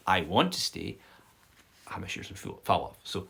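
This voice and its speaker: A man teaching an informal live-streamed language lesson, chatty and explanatory, often checking in with "okay?" and filling pauses with "um". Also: on the low side, very animated, vocal fry, sharp tone. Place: home setup for a live stream. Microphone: phone or built-in mic.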